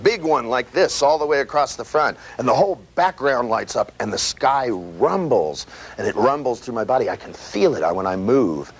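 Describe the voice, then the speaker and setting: A man giving a live seminar lecture, animated and profane, acting out voices and sound effects as he teaches. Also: mid-range voice, moderate pace, breathy edge. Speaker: seminar trainer. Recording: noisy live seminar recording.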